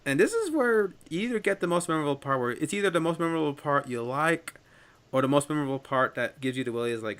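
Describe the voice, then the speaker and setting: A man in casual film discussion, chatty and quick to laugh as he retells scenes. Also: a little high, animated, a bit bright.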